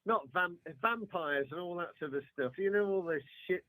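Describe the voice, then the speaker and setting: A man's voice: sits high, moderate pace, bright, forceful tone, a little hiss or hum, low-quality recording. An English man, a podcast guest, chatting casually and hesitantly with many fillers and restarts. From England.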